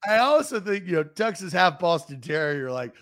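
A man co-hosting a sports podcast, chatting casually in a high, bright voice. His pitch swings widely as he jokes around and laughs often. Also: moderate pace. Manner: animated, joking, laughs often. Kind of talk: casual chat.

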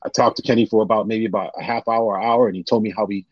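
A man telling personal stories on a podcast in an animated, casual way, often acting out what others said. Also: on the low side, quick pace, no echo. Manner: animated, retells scenes with quoted voices. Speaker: guest. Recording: dull lo-fi sound.

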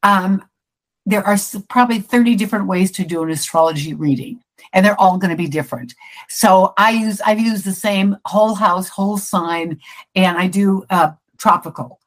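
A woman's voice: medium pitch, normal speed, low-quality recording. A middle-aged woman, a psychic guest, chatting casually in an interview, often restarting her sentences.

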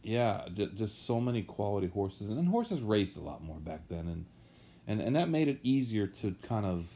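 Guy with a lowish warm voice, rambling through old racing stories on a podcast. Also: sing-song, moderate pace. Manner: rambling, anecdotal storyteller. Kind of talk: casual podcast chat.

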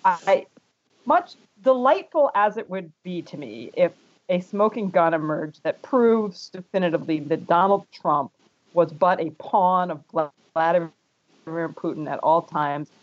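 A man's voice: sits high, expressive, measured pace. A man from France, a panel guest making wry, argumentative points in a political discussion, with frequent hesitant restarts. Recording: dull lo-fi audio.

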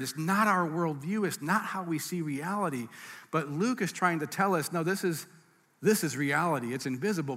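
Pastor, male, conversational sermon delivery, slightly high voice, reverberant room. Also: a bit bright. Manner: conversational teaching, asides and restarts. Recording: reverberant hall.

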